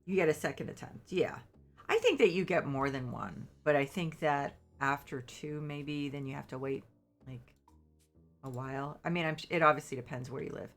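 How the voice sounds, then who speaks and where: Woman, congested, sniffling, gravelly, faint music underneath, rambling apologetic streamer chat. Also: low-pitched, moderate pace. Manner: rambling, apologetic, full of fillers. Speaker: game streamer. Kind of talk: casual chat with stream viewers while playing.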